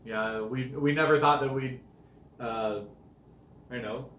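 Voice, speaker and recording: A young man vlogging from home, playful and quick to laugh. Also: medium pitch, fairly even intonation, fairly bright tone, echoey room, a little hiss or hum. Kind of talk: casual chat.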